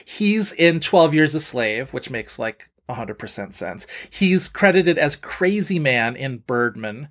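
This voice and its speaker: A man's voice: medium pitch, very animated, unhurried, few pauses, fairly bright tone. A man co-hosting a casual film podcast, rambling with lots of filler words as he talks through movies. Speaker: podcast co-host. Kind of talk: casual film-review chat.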